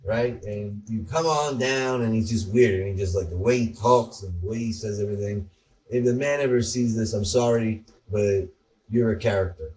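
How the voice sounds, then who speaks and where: Low-voiced guy rambling through stories on a podcast, swears some, a bit off mic. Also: steady tone, a little fast, warm tone, far from the mic. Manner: rambling, storytelling, profane. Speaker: podcast co-host. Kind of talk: casual chat.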